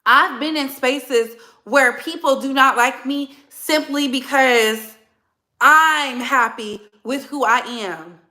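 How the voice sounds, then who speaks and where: A woman's voice: sits high, takes it slowly, pushed and bright. A woman hosting her own commentary channel, talking bluntly and emphatically and repeating phrases for effect. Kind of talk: heated commentary monologue.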